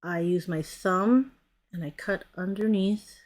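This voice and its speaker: Woman, nail tutorial, slightly lower voice, chatty, self-correcting, talks through her work. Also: unhurried, a little mellow. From United States. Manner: chatty, narrates her hands as she works; often trails off and self-corrects. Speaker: nail product stylist. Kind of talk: casual nail tutorial demo.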